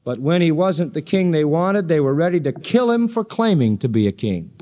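A man's voice: very animated, normal speed, warm tone. A man preaching an expository sermon, dramatically acting out the voices he quotes. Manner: dramatic, acts out quoted voices with sweeping pitch.

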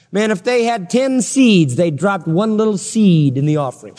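A man preaching a sermon as pastor, emphatic and building to high intensity. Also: animated, normal speed, few pauses, mellow, big-room sound.

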